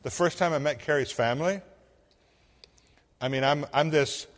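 A man's voice: on the high side, normal speed. Man preaching in a reverberant hall. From Illinois. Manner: animated storyteller, acts out dialogue, swings from hushed to loud. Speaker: pastor. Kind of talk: sermon storytelling.

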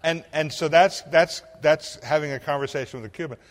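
A man from Illinois, a pastor telling a story in a sermon, acting out the voices and swinging from hushed to loud. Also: on the high side, brisk, long reverb tail.

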